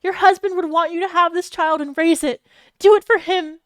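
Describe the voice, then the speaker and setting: A woman voicing a brisk female hospital nurse in a fanfiction reading, urgent and coaxing. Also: very high voice, steady tone, fairly bright tone, no echo, clean studio sound, voice pushed up.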